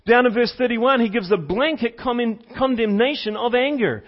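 A man's voice: very high voice, moderate pace. A man preaching a sermon as a pastor, teaching step by step, repeating key points for emphasis, and putting questions to the congregation. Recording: slightly dull, lo-fi sound.

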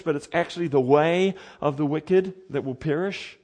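Impassioned male preacher, swelling and dropping. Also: moderate pace. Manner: dramatic preaching, swelling loud then dropping low. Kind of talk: sermon.

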